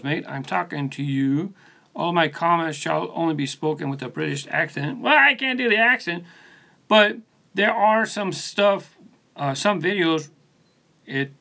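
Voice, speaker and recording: A man hosting his channel chats easygoingly on a live stream from his studio, reading viewers' comments and responding to them by name as he wanders from topic to topic. The phone on a post captures a creaky, pushed, bright voice on the high side.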